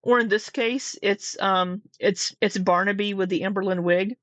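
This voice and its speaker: A woman's voice: medium pitch, fairly even intonation, moderate pace, fairly bright tone, dry recording. A woman co-hosting a casual commentary chat, telling gossipy stories and acting out what others said. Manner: gossipy storyteller, acts out quoted lines. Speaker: co-host.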